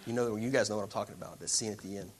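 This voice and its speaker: A man preaching a sermon to a church congregation in a dramatic way, moving from quiet passages to loud ones. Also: fairly low pitch, very fast, breathy edge. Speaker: pastor.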